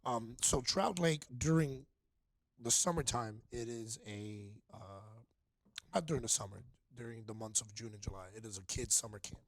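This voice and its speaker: A man, a DJ guest on a podcast, telling stories in an animated, slangy way and swearing. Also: mid-range voice, moderate pace, no room sound. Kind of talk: casual storytelling.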